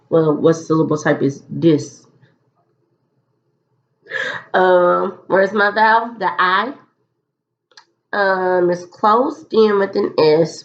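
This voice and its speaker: A woman's voice: on the low side, muffled recording. A woman teacher leading a recorded phonics lesson, explaining step by step and repeating key phrases so students can follow.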